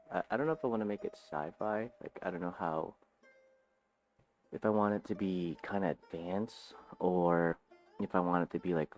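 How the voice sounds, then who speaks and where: A man with a very low voice talks casually at home right after waking up. He rambles and jumps between ideas, swearing now and then. Soft guitar music plays faintly behind him. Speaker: aspiring author. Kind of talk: casual morning vlog, thinking aloud. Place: home, just woken up.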